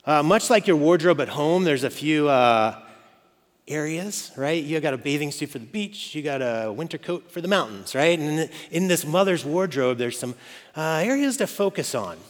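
His voice runs on the high side and is expressive at a normal pace. The forties-aged pastor jokes through a casual sermon to mothers, often asking "okay?" or "right?" to check in with them, with long hall reverb around him.

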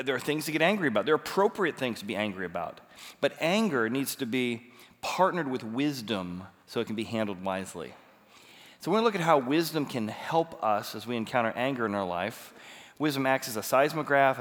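A man in his forties preaching a sermon, telling a personal story with animated, rising emphasis. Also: mid-range voice. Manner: animated storytelling, rising to near-shouts when retelling his frustration. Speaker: pastor. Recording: long reverb of a large hall.

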